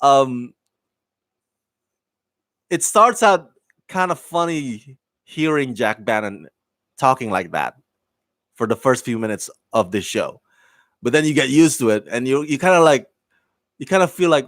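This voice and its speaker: A man's voice: mid-range voice, expressive, unhurried, pauses often, no echo. A man giving a casual spoken review of a TV show, enthusiastic and rambling, with many fillers, restarts and laughs.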